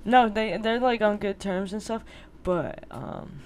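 A woman's voice: mid-range voice, unhurried, slight background noise. A young adult woman co-hosting a podcast, chatting casually with lots of slang and acting out conversations as she tells a story. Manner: slangy and animated, acting out quoted exchanges. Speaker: podcast co-host. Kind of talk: casual chat.

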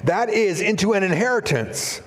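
A man's voice: high voice, lively intonation, moderate pace. A middle-aged man preaching a sermon as pastor, telling stories casually with fillers and acting out the voices he quotes. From Canada. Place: church sanctuary. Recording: long hall reverb in a church.

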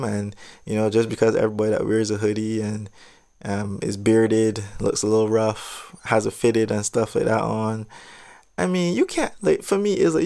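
A man's voice: on the low side, vocal fry, darkish tone. A young man casually telling a personal story, rambling and drifting into side tangents. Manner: rambling, digressive, laid-back.

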